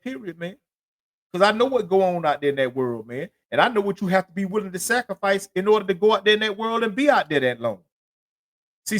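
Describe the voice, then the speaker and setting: A man's voice: high voice, fairly bright tone. A man hosting his own show, telling his life story in a casual, profane, streetwise monologue. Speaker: podcast host.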